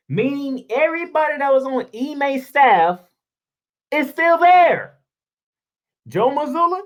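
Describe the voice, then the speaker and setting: A sports show host delivering a heated solo rant, sarcastic and casual, firing off rhetorical questions and repeating points for emphasis. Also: high-pitched.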